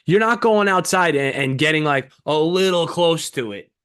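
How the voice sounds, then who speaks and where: A man's voice: on the high side, normal speed, clear, resonant tone. A young man co-hosting a podcast, arguing emphatically in casual, profane chat. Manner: emphatic, profane, animated storytelling. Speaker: podcast co-host.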